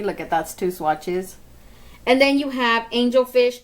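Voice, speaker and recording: A woman giving a casual makeup review to camera, chatty, often calling to her viewers and laughing at herself. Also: medium pitch. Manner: chatty, keeps talking to viewers as "you guys". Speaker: beauty vlogger.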